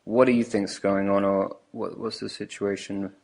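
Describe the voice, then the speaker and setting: A man's voice: fairly low pitch, level tone, moderate pace, vocal fry, a little mellow. A man with an English accent hosting a podcast, talking casually and hesitantly, often restarting his questions. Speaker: podcast host.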